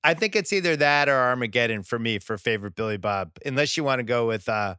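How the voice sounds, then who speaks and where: Man, podcast host, casual movie chat, bright tone, very dry close sound, asks the panel questions. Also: mid-range voice, animated, fast talker, clear, resonant tone, no room sound. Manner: steers the talk with questions to the panel.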